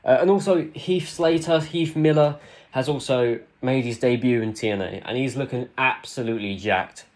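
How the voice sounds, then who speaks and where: Excitable man chatting wrestling. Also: mid-range voice, normal speed. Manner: excitable, rambling fan talk with fillers. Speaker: podcast co-host. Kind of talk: casual wrestling podcast chat.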